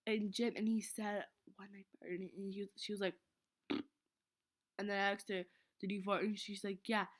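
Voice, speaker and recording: Flustered teen girl telling a story. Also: medium pitch. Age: teens. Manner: rambling, flustered, dramatic, often drops to a whisper. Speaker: vlogger. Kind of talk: casual storytelling vlog.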